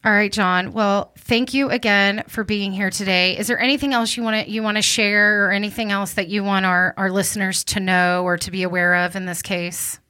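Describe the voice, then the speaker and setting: Earnest lady host choking up a bit, lots of ums, mid pitch. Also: little pitch movement, normal speed, few pauses, bright, forceful tone. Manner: earnest, emotional, many ums and restarts. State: near tears. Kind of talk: podcast interview.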